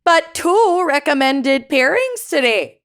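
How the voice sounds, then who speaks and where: A woman's voice: high-pitched, very animated, takes it slowly, fairly bright tone. A woman co-hosting a podcast in casual chat, joking, swearing and laughing often. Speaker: podcast co-host.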